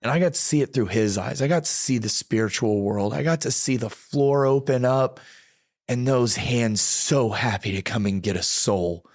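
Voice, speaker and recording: A man's voice: mid-range voice, normal speed, a little mellow, no echo, studio quality. A middle-aged man, a podcast guest, telling a personal testimony in conversation, acting out quoted dialogue and stammering when emotional.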